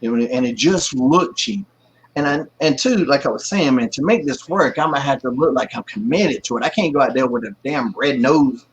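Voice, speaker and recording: A man's voice: medium pitch, fairly quick. A man in his forties telling stories as an interview guest, acting out the people he quotes, talking on a video call from home. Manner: lively storyteller who acts out quotes. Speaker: guest, pro wrestler. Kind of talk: casual anecdote in an interview. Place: at home, kids and pet nearby. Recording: slightly muffled, husky lo-fi audio.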